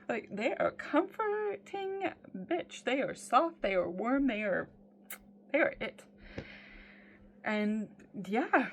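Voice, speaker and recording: A woman's voice: mid-range voice, expressive, a little slow. Blunt, swearing woman vlogger. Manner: blunt, swears freely, many "um" fillers. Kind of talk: casual personal video diary.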